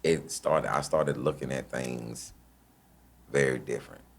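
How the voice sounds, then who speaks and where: A man's voice: rumbling low, a little slow, husky. A male comedian guest on a podcast, telling stories in a dry, sarcastic way. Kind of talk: conversational storytelling.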